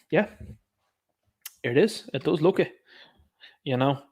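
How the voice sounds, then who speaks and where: A man's voice: fairly high pitch, lively intonation, slow pace, a little mellow, husky. A man with an Irish accent hosting a livestream, ranting with sarcastic indignation and calling his listeners lads. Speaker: livestream host.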